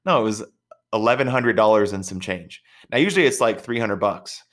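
A man's voice: mid-range voice, brisk, fairly bright tone. A man, an entrepreneur hosting his own show, telling a casual story in a chatty, rambling way with frequent repeated words. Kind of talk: casual anecdotal monologue.

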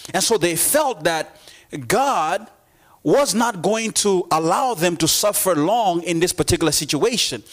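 A man with a fairly high voice preaches to his congregation. He builds from quieter stretches to loud, emphatic repeated calls, often stumbling over restarts as he goes. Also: expressive, unhurried. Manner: frequent stammered restarts. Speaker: pastor. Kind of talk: sermon.

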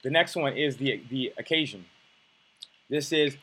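A man's voice: mid-range voice, measured pace, pauses often, pushed and bright, slight background noise. A young man coaching on dating, talking bluntly and casually, with profanity and many restarts.

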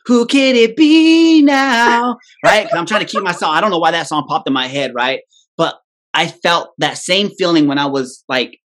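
On a podcast, a man with a rather high, slightly bright voice tells a long personal story in casual chat. He swears freely, laughs at himself, and tacks "right?" onto nearly every sentence.

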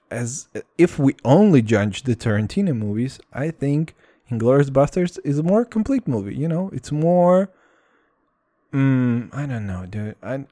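A man's voice: mid-range voice, warm tone, no echo, clean studio sound. A man chatting casually in a vlog, rambling and swearing, often repeating "dude" and "all right".

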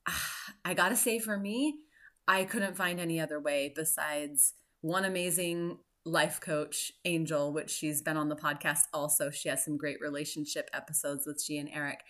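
A woman in her forties, a podcast host, telling a personal story in an earnest, reflective way with soft laughs. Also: sits low. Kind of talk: personal story and motivational talk.

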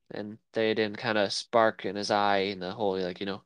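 A man's voice: lowish voice, level tone, a little fast, few pauses, fairly bright tone, clean tone, dry recording. A man co-hosting a casual film podcast, rambling and searching for words as he talks. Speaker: podcast co-host. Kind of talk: casual chat about film.

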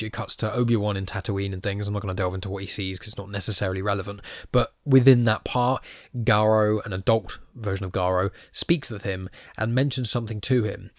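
A casual, chatty man with a lowish voice talks through a story recap with a self-deprecating manner. The recording is dry and close, with no room sound. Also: no echo. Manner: chatty, self-deprecating, reads quoted lines aloud in his own voice. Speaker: podcast host. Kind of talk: casual comic recap podcast.

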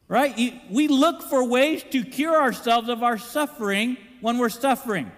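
A man preaching a sermon in an animated way, acting out the voices he quotes. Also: extremely high pitch, a little slow, long reverb tail. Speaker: pastor.

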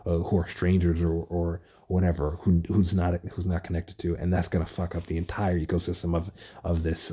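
Low husky man ranting excitedly. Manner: excited, rambling, swearing often. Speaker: podcast host. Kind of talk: casual solo rant. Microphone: phone recording app.

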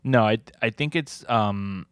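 A podcast host chatting casually, calmly adding short explanations and agreeing with the guest. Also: mid-range voice, unhurried, smooth, dry recording. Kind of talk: casual chat.

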